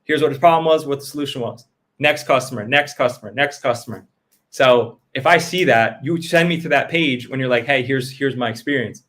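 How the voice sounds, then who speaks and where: A man's voice: mid-range voice, brisk, a bit bright. A man giving blunt, profane business advice in casual chat, acting out customers' quotes as he goes.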